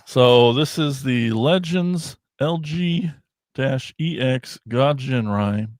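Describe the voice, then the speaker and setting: A man hosting a podcast talks in a loose, excitable ramble, cutting himself off and starting again. His voice sits in an ordinary middle pitch. The sound is close and dry, with no room around it. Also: takes it slowly, dry recording. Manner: rambling and excitable, trails off and restarts. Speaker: podcast host. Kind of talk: casual chat.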